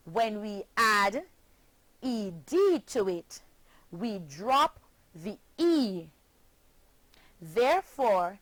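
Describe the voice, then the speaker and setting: A woman's voice: medium pitch, dry recording, poor audio. A woman with a Jamaican accent teaching a scripted phonics lesson, spelling words out letter by letter.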